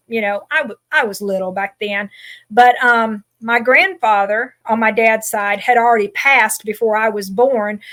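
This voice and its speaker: A woman's voice: fairly high pitch, fairly bright tone. A woman in her forties from Georgia with a mild Southern accent, telling her life story as a guest in a chatty, self-deprecating way. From Georgia, USA. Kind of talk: casual podcast storytelling.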